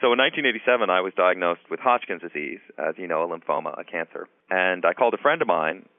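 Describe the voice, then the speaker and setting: A middle-aged man, a guest author and psychiatry professor, telling stories in a radio interview with a relaxed manner and many "you know"s. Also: low-pitched, fast talker, no room sound. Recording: tinny phone-line call-in audio.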